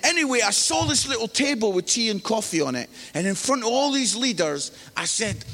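A man from the UK preaches with a notably high voice, spinning self-mocking stories and acting out the people in them. He sounds middle-aged, and his words ring on in a large reverberant hall. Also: animated, a little fast, few pauses, fairly bright tone. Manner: chatty, self-mocking, acts out quoted voices. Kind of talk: sermon with humorous storytelling. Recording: live hall with long reverb.

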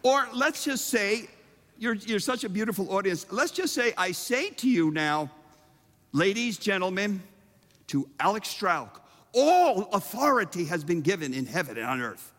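A man preaching a sermon, emphatic and humorous, with dramatic pauses. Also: high-pitched, big pitch swings, fairly bright tone. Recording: reverberant hall.

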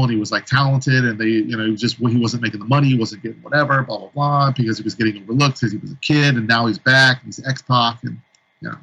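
A man with a husky voice rambles along, restarting his sentences and tossing in "like" again and again. The lo-fi sound is dull and muffled. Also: mid-range voice, a bit bright. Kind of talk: casual chat.

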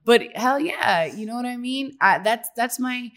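A young woman guest in a casual interview, chatty and upbeat, laughing often and filling pauses with "um" and "like". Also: on the high side, animated, a bit bright. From Dominican heritage. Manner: chatty, laughs often, many fillers and restarts.

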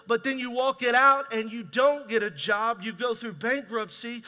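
Man, pastor, middle-aged, sermon, high bright voice, conversational rhetorical questions, echoing hall. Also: normal speed, hardly any pauses. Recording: reverberant hall.

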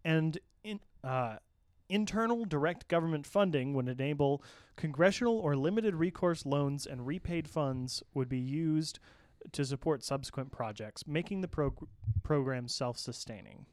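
Male podcast host, smooth tone, slightly high voice, steady news read with asides. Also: moderate pace, dry recording, studio quality. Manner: reads items steadily, with small restarts and asides. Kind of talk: podcast news rundown with banter.

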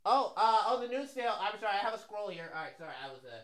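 A man co-hosting a comedic podcast in a casual chat, excitable and prone to loud exclamations. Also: high-pitched, fast, roomy sound. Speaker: podcast co-host.

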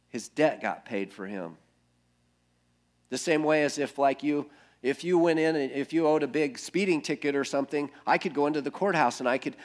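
A male pastor preaching an earnest sermon that builds through repeated phrases and often drops to a hush. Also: mid-range voice.

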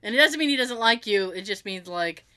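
A woman's voice: medium pitch, animated, fairly quick, sharp tone, clean tone. A middle-aged woman telling a funny family story in casual chat, acting out the quotes and laughing often.

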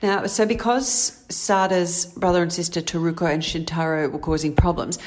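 A woman's voice: fairly low pitch, fairly even intonation, moderate pace, darkish tone. A woman co-hosting a podcast, telling a true crime story in a chatty, playful way. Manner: chatty, laughs easily, playful asides. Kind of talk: casual storytelling chat.

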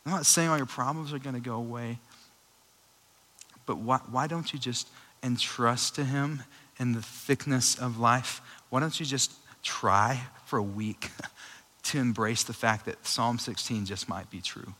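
A young adult man preaching a sermon in a conversational, animated way, with frequent fillers and restarts. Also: mid-range voice, a little slow, rough recording. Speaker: pastor.

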